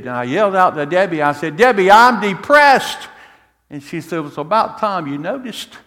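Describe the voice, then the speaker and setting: A middle-aged male pastor preaching a sermon, animated and swinging from soft to loud, repeating himself and asking "amen?". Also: fairly high pitch, long reverb tail. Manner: repeats words and restarts, asks the congregation "amen?". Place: church sanctuary.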